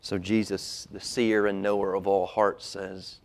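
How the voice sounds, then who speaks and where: Male pastor, sermon delivery; hushed low quotes that build to loud emphatic peaks, church auditorium. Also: little pitch movement, a little slow, vocal fry. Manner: acts out quoted lines in a dropped, quiet voice.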